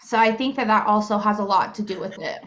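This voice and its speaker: A woman's voice: medium pitch, fast. A woman in her thirties co-hosting a podcast, chatting casually with lots of fillers and giggles. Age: 30s. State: hiccups. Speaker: podcast co-host. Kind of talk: casual chat. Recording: muffled lo-fi podcast audio.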